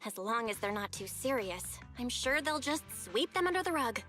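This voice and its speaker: A woman's voice: on the high side, very animated, normal speed, sharp tone. An actress playing a sociable young woman at a dinner, talking in a conversational, lightly wry way. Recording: game audio with faint music.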